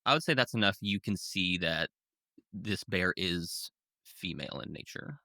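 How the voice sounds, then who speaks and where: A man's voice: low-pitched, expressive, measured pace, pushed and bright, dry recording. A man narrating as game master of a tabletop role-playing game, in easygoing, descriptive speech full of fillers.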